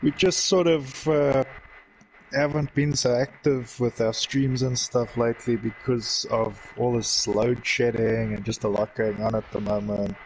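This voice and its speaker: A man who grew up in the Middle East, co-hosting a race stream in a relaxed, easygoing way. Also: mid-range voice, a little slow, slight background noise, rough recording. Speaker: livestream co-host. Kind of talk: casual commentary.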